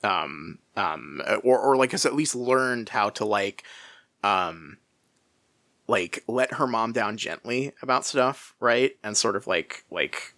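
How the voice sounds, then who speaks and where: A podcast co-host in casual book chat, talking in an animated way with lots of laughter, fillers and restarts. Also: mid-range voice, slow, no echo, studio quality.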